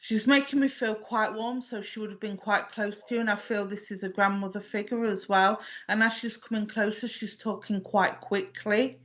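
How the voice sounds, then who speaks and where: A woman, working as a medium in a live online reading, speaking gently and affectionately with many hesitations and restarts. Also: medium pitch, steady tone, normal speed, hardly any pauses, muffled recording. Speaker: psychic medium.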